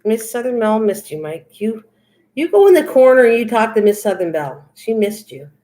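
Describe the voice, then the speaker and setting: A woman's voice: on the high side, sing-song, fairly quick, warm tone. An older woman hosting a crafting livestream, chatting casually and reading viewers' comments aloud as she answers them. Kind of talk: casual chat with live viewers.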